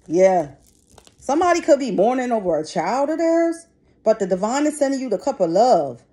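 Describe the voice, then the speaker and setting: A woman's voice: a little high, sing-song, moderate pace, warm tone. A middle-aged woman giving a casual tarot reading to her viewers, talking bluntly and chattily and swearing freely. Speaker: tarot reader. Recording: noisy background.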